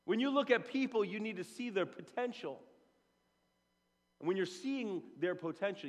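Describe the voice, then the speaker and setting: A middle-aged male pastor preaching a sermon, telling a story with lively, repetitive storytelling. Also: a little high. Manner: animated storytelling, repeats words when building up. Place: church sanctuary. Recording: long reverb in a church hall.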